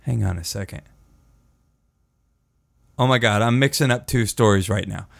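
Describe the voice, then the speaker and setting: A man's voice: fairly low pitch, normal speed, vocal fry, dry recording, clean studio sound. A man hosting a podcast, telling a story in a rambling, profane way and often laughing at his own words. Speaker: podcast host. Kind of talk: casual storytelling.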